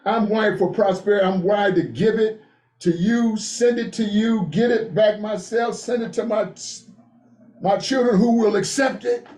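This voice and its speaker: A man with a fairly high yet mellow voice leads a men's group, telling lively stories and pulling call-and-response from the room. The sound is echoey, as in a meeting room. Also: normal speed. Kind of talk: motivational group talk.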